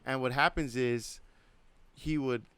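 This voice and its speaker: A man in his thirties with a smooth, clear voice, recorded dry and close with no room sound. He rambles through a story in loose podcast chat, leaning hard on "like" and swearing freely. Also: mid-range voice, steady tone, slow pace, fairly bright tone, no room sound. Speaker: podcast co-host.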